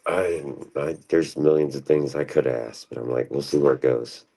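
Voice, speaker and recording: Very deep gravelly-voiced man ranting. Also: normal speed, dark tone. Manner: profane, rambling, restless. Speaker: streamer. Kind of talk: casual rambling monologue.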